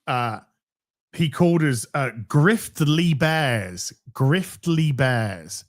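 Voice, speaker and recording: A man's voice: a little high, lively intonation, very slow. A man with a Yorkshire accent, co-hosting a casual podcast, rambling, sweary and joking. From Yorkshire, England. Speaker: co-host.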